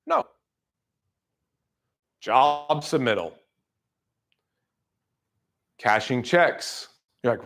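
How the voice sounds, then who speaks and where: A man giving a motivational sales talk to a room, blunt and fired up, acting out people's excuses in quick asides. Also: high-pitched. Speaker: roofing sales trainer. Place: room with an audience.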